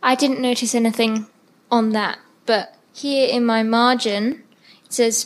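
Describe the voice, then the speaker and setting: Bright enthusiastic woman, fairly high voice. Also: steady tone, measured pace. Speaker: church group member.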